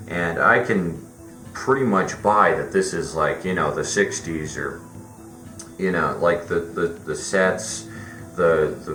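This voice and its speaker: A man's voice: deep voice, fairly bright tone. A man giving a casual, rambling movie review, full of fillers and restarts. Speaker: film reviewer. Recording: roomy echo with faint music.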